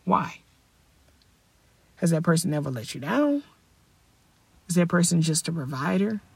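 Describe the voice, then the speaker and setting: A man's voice: on the high side, animated, measured pace, creaky, breathy edge, no room sound. A young man hosting his own podcast, talking casually, upbeat and rambling, correcting himself and firing off rhetorical questions. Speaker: podcast host. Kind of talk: casual solo podcast talk.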